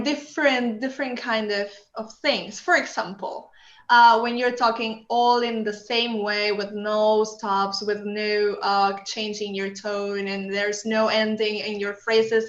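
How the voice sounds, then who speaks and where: A woman's voice: fairly high pitch, fairly bright tone. A woman teaching a workshop in a chatty, explaining way, with many fillers. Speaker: workshop instructor. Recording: echoey, dull lo-fi sound.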